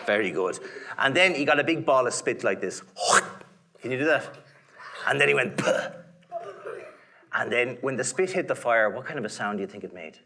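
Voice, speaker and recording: A man with an Irish accent telling a folk tale to a live audience in a playful, theatrical way, dropping to whispers and rising to shouts. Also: medium pitch, lively intonation, a little fast. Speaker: storyteller. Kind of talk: animated storytelling to a live audience.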